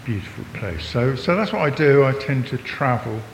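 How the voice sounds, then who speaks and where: A visiting preacher from England, in his sixties, jokes and chats with the congregation in a church hall, drawing his listeners in. He speaks at normal speed with lively intonation and some vocal fry. The hall adds long reverb, and a faint rumble sits underneath.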